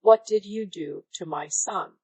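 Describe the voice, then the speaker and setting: A woman's voice: medium pitch, measured pace, a little mellow, husky, no room sound, poor audio. Bossy entitled aunt, read by a synthetic woman's voice. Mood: demanding. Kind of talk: scripted story reading.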